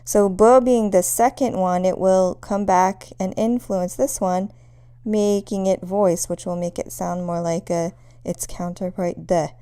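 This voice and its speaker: A woman's voice: medium pitch, steady tone, a little slow, mellow, clear, resonant tone. A woman teaching a pronunciation lesson, patiently demonstrating sounds one at a time. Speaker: language teacher.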